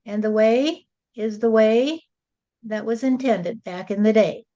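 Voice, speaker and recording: Slow, mellow woman in sing-song rhyme. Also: on the high side, highs cut off. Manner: slow, rhyming, sing-song preaching delivery. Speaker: spirit medium channeling a spirit. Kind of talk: channeled spiritual address.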